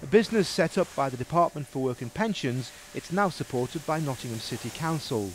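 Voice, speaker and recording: A man's voice: medium pitch, expressive, a little fast, a little hiss or hum. A male TV presenter narrating a local business show and bantering with his co-host. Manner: chatty, teasing banter with co-host.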